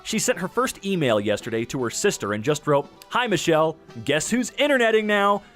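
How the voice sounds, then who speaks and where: A man's voice: on the high side, sing-song, fairly quick, fairly bright tone, soft background music. A young man reads posts aloud and reacts with playful, wisecracking asides. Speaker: YouTuber reading Reddit posts.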